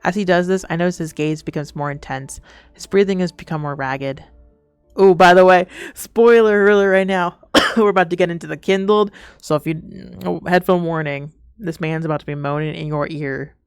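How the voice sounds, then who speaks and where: Excitable giggly woman streamer. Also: sits low, brisk, clean tone, no echo, clean studio sound, faint music behind. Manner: excitable, giggly, crude banter. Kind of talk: casual game stream chat, reading game text aloud.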